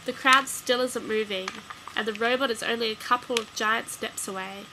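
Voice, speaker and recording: A woman reading a children's gamebook aloud as a storyteller, giving the dialogue lively emphasis. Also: fairly high pitch, moderate pace, background noise.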